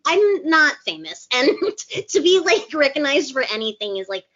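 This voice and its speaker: A woman guest on a podcast, telling stories in a bubbly, animated way with gasps and laughs. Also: sits high, normal speed. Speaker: guest actress. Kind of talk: casual podcast chat. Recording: dull lo-fi sound.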